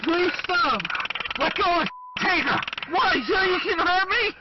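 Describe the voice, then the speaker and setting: A frightened man pleads again and again in a high, strained voice, short of breath. He is recorded outdoors on a phone camera, and the sound is dull and buried in loud background noise. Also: lively intonation, unhurried. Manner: pleading, panicked, repeating himself. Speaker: citizen filming an arrest. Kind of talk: real-life confrontation. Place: outdoors by a car at the roadside. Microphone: handheld phone camera.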